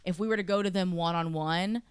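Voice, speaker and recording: A woman co-hosting a podcast, explaining things in a measured, careful way. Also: lowish voice, crowd noise. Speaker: podcast co-host. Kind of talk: casual chat.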